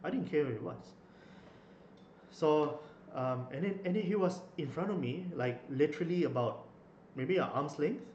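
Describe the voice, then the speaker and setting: A man's voice: a little high, lively intonation, moderate pace, darkish tone, lo-fi sound. A young man, telling a story in a rambling casual way with many fillers and restarts. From Malaysia. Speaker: vlogger. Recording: echoey room, faint noise.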